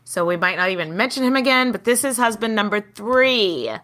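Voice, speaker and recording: A woman co-hosting a podcast, telling a story in animated casual chat and swearing freely. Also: on the high side, a little fast. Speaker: podcast co-host.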